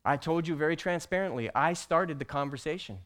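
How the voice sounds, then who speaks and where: A man teaching a church group, telling a personal story with animated delivery that builds to loud, emphatic peaks. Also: on the high side, brisk. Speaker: church teacher presenting slides.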